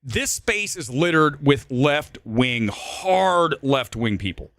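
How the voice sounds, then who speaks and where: A man's voice: fairly high pitch, animated, slow pace, a bit bright, no room sound. A man hosting a live movie talk stream, delivering a blunt, emphatic rant that circles back to repeat his points. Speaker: host. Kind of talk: livestream commentary rant.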